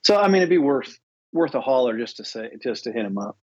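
A man's voice: medium pitch, big pitch swings, quick pace, darkish tone, husky, lo-fi sound. A man co-hosting a podcast in easygoing, rambling casual chat, agreeable and loose. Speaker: podcast co-host.

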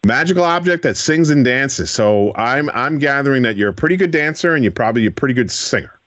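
A man's voice: mid-range voice, animated, fast, fairly bright tone, no echo. A man hosting a radio interview show, asking children encouraging follow-up questions from a studio.

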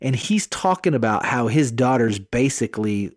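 A man co-hosting a podcast, telling a story in a casual, animated way with plenty of swearing. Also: medium pitch, moderate pace, dry recording, studio quality. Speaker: podcast co-host.

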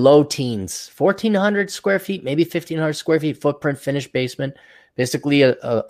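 A man's voice: medium pitch, a little mellow. A middle-aged man hosting a podcast, ranting bluntly and sarcastically with plenty of profanity. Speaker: podcast host.

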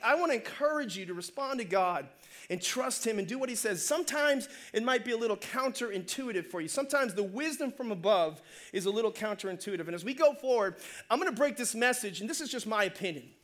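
A man preaching a sermon as pastor, conversational and energetic, calling out to the congregation. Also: high voice, quick pace. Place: church.

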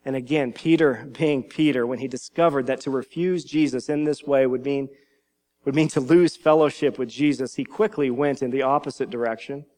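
A man's voice: mid-range voice, steady tone, normal speed, darkish tone. A male pastor preaching a sermon in an earnest teaching manner, now and then repeating a word as he goes.

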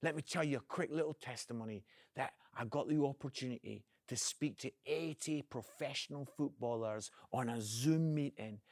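An evangelist with a medium-pitched voice delivers an earnest, inspirational video message, addressing the listener as "friend." He speaks at a normal speed with few pauses, energetically swinging between loud emphasis and quiet moments. The recording is clean studio sound with no room echo.

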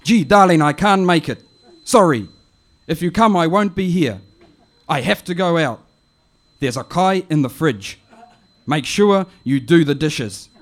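A man voicing a loud, bossy, teasing elderly Māori auntie who hollers and scolds down the phone in a comic poetry performance. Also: lively intonation, measured pace, pauses often. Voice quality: shrill and loud, calling out. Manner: scolding, hollering, laughing at herself.

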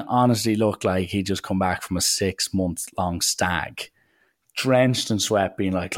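A young man telling chatty, animated holiday stories in a casual way. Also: deep voice, a little slow, no echo, studio quality. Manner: chatty, animated anecdotes with acted quotes. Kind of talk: casual storytelling.

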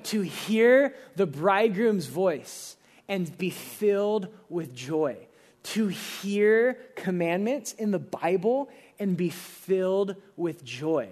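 Young man, pastor, fairly high voice, casual emphatic sermon. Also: darkish tone. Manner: casual, emphatic preaching with rising bursts.

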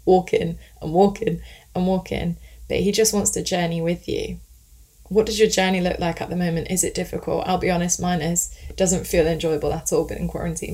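A woman's voice: fairly low pitch, darkish tone. A woman giving a devotional talk in an earnest, encouraging, conversational way. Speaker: speaker of a devotional message.

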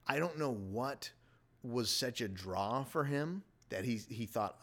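A man's voice: fairly low pitch, moderate pace. A middle-aged man hosting a casual podcast, rambling enthusiastically and jumping between topics as he reviews a movie. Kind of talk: casual chat.

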